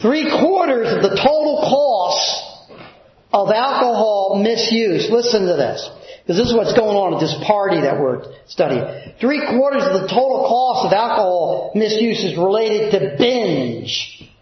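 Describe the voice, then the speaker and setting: A man's voice: high voice, lively intonation, a little slow. A man preaching a sermon to his congregation from the pulpit, asking the room rhetorical questions. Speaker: pastor. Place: church sanctuary. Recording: echoey, dull church recording.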